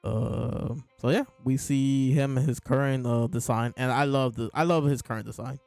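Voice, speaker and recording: A man's voice: medium pitch, steady tone, moderate pace, creaky, darkish tone, no echo, soft background music. A man casually chatting as a show host, amused and laughing often as he talks. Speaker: podcast host reviewing manga. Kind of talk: casual chat.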